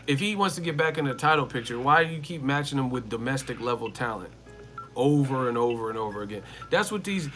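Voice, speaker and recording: A man with a bright, forceful mid-range voice runs a live stream for his boxing commentary channel. His casual, slangy talk is emphatic, and he circles back to the same points repeatedly.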